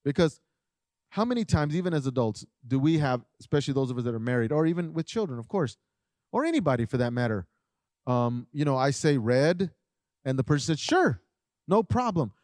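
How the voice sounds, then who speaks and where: A middle-aged man giving a conversational parenting talk, animated, often acting out what parents and children say. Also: medium pitch, brisk, dry recording, studio quality. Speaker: parenting speaker.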